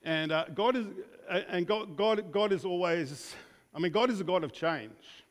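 A man's voice: sits high, normal speed. Australian man preaching in a reverberant hall. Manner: conversational, with many restarts, often polling the room with questions. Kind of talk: casual sermon to a congregation.

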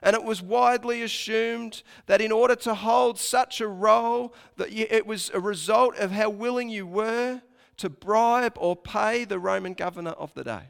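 High, gravelly-voiced male preacher in a hall. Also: normal speed. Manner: storytelling with hushed dips and dramatic lifts. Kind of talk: sermon. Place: church hall with congregation. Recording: long reverb of a large hall.

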